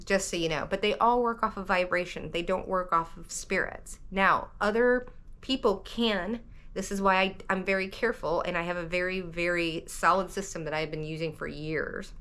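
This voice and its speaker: A woman from the American South who reads tarot, talking to camera in a rambling, animated vlog monologue, often cutting herself off mid-sentence. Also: on the low side. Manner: rambling, animated, self-interrupting. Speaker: tarot reader vlogger.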